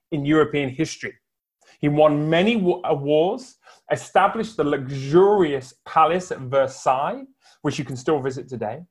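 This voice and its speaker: A man preaching a sermon from home for an online service, building his points with emphatic, rhetorical repetition. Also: a little high. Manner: emphatic, rhetorical build-ups with long pauses. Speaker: pastor.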